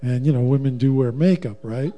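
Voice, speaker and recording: A man's voice: mid-range voice, a little fast, dark tone. A middle-aged man telling a personal story in a casual, wry, humorous way. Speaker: guest, husband, former professional musician.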